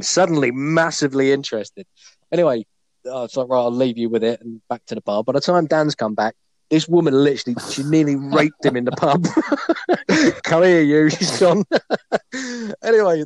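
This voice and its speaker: A man's voice: medium pitch, lively intonation, normal speed, dry recording. A man hosting a podcast, telling a bawdy anecdote in a casual, laughing way. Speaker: podcast host. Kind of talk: casual storytelling.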